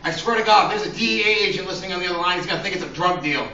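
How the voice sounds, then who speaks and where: A man's voice: sits high, rapid-fire, hardly any pauses, sharp tone. A man doing crude open-mic stand-up in a small comedy venue, rambling and acting out voices. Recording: roomy lo-fi sound from a distant mic.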